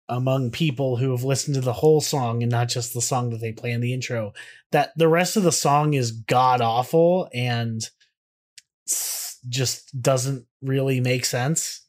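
A man's voice: medium pitch, a little mellow. A man co-hosting a podcast, chatting casually and joking, often restarting his sentences. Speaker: podcast co-host. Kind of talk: casual chat.

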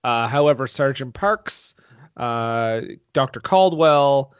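A man's voice: mid-range voice, expressive, slow, clear, resonant tone, no room sound. A man hosting a movie podcast, asking questions in a loose conversational way. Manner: conversational, leads questions, many fillers and restarts. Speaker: podcast host. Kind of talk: casual movie podcast chat. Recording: dull, lo-fi podcast audio.

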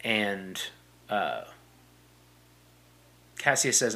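As a podcast host, this young man walks listeners through a classic play in a relaxed way, loosely quoting it and often using fillers or starting over. He speaks a little slowly in a mid-range, slightly bright voice.

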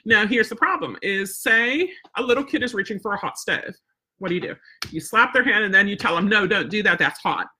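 A woman's voice: mid-range voice, pushed and bright, husky. A woman dog trainer teaching casually on a live stream, chatty and plain-spoken, often checking in with "right?". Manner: chatty, tags points with "right?" and "okay?"; plain-spoken, firm about follow-through.

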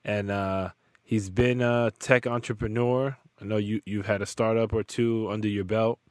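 A man hosting a podcast, talking in a relaxed, slangy way. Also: on the low side, normal speed, dry recording, studio quality. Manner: relaxed, slangy and laid-back. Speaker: podcast host. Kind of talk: casual chat.

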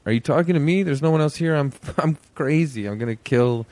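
A man doing a quick impression of an unhinged male movie tough guy, menacing and half laughing. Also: on the high side, a little mellow, no echo, voice pushed up, lightly acted. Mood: mock menacing.

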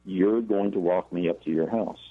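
A man on a phone line voicing an eerie black-eyed boy who speaks in a cold monotone. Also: sits low, normal speed. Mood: cold, commanding.

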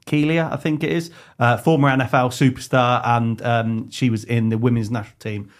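A man hosts a casual podcast and steers the conversation from topic to topic. His voice has a mid-range pitch. He sounds easygoing as he moves things along. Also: flat delivery, brisk. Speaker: podcast host.

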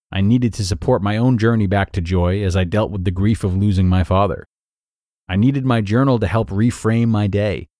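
A man hosting a podcast who reads a blog post aloud in an earnest, measured way, then comments on it. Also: lowish voice, a little mellow, no room sound, clean studio sound. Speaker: podcast host.

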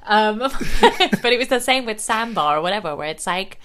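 A woman co-hosting a podcast, talking about a reality show in an energetic, sarcastic way, swearing and acting out quotes. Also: mid-range voice, normal speed. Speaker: podcast co-host.

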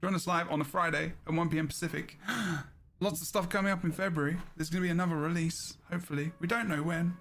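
A man's voice: fairly high pitch, steady tone, fast, fairly bright tone. A man hosting a live podcast in casual chat, teasing his guests and steering the talk. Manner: laughing, teasing, steering the show. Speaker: podcast host.

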